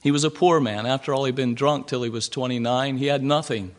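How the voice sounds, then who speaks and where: A man's voice: mid-range voice, steady tone, a little fast. Man preaching a storytelling sermon. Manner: storytelling with hesitant "uh" fillers.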